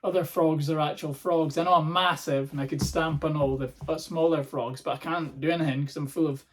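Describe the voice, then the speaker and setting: A gloomy, oversized frog-shaped bin sighs about its lot in a flat, deflated voice, as a man puts it on. It speaks quietly and sounds dejected. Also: fairly high pitch, fairly quick, close to an everyday voice. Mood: glum. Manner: glum, deflated.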